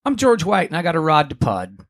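A man's voice: on the high side, huge pitch swings, fairly quick. A man co-hosting a comedy podcast, throwing in goofy, playful interjections. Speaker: podcast co-host. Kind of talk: casual comedic chat.

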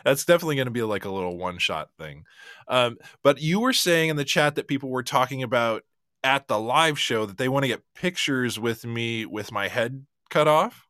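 A man's voice: mid-range voice, lively intonation, normal speed, sharp tone, dry recording, clean studio sound. A man co-hosting a podcast in casual chat, rambling through stories, laughing often and acting out bits of dialogue. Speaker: podcast co-host.

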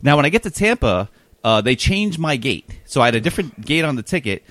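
Fast-talking man telling a rambling story. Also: medium pitch, big pitch swings, fairly bright tone, dry recording. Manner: rambling, self-deprecating, quick anecdotal delivery. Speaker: podcast host telling a story. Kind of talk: casual storytelling.

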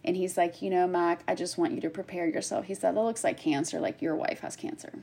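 A woman in her thirties telling a personal story in conversation, animated and acting out what others said in quick bursts. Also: on the low side, vocal fry, breathy edge. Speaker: guest sharing a personal story.

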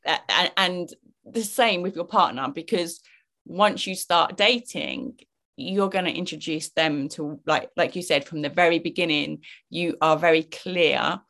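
A woman's voice: fairly low pitch, measured pace, a bit bright. Affirming woman podcast host. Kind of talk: casual interview chat.

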